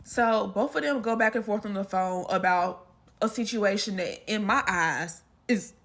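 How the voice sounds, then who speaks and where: A woman's voice: medium pitch, unhurried, a bit bright. A woman telling a family holiday story in a casual storytime, chatty and full of asides.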